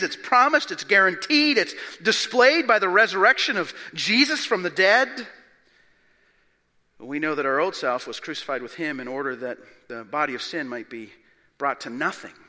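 Pastor, male, high and sharply bright tone, emphatic sermon delivery with hushed drops, reverberant sanctuary. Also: expressive, moderate pace. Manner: emphatic, swings from loud declarations to hushed low asides. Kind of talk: expository sermon.

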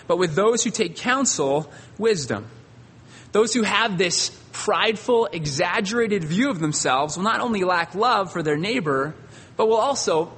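A male pastor preaching a sermon, telling stories with dramatic pauses and drawn-out emphasis. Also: high-pitched, fairly bright tone, slightly rough, big-room sound.

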